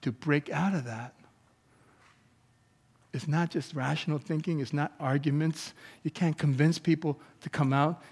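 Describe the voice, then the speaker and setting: A man preaching a sermon as pastor, moving between calm teaching and loud, animated outbursts. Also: a little high, unhurried, in a large hall. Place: church sanctuary.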